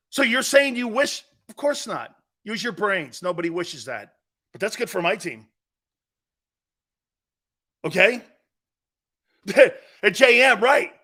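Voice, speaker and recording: Male sports show host, combative rant, high bright voice that swings all over the place. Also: expressive, slow, pauses often. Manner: blunt, combative, mocking imitations of others. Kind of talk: opinionated sports radio rant.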